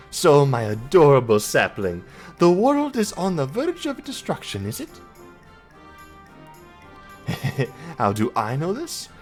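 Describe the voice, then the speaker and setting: A man's voice: mid-range voice, voice pushed up. A man voicing a flamboyant, theatrical fairy king, attempting a lilting accent and speaking in a grand, fond manner.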